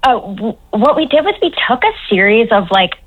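A woman from Newfoundland with a Newfoundland accent, a dialect coach talking as a guest on a radio call-in show, chatty and quick to laugh. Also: fairly high pitch, sing-song, muffled recording. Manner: chatty, laughs often, trails off and restarts. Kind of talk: radio interview.

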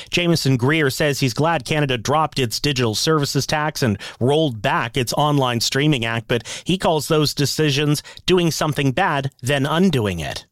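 A man reading a national news update for a wire service, in a crisp newsreading manner. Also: on the high side, a bit bright, no echo, clean studio sound.

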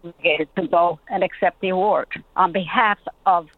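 A woman's voice: on the low side, fairly even intonation, normal speed, dry recording. An older woman calling a radio show, speaking hesitantly with many fillers. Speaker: caller. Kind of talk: phone-in call. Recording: tinny phone line.

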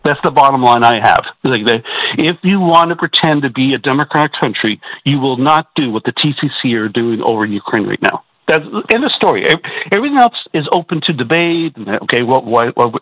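A man's voice: mid-range voice, very animated, fairly quick, fairly bright tone, dry recording, rough recording. A man calling in to a radio talk show, agitated and stammering through restarts. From Canada. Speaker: caller.

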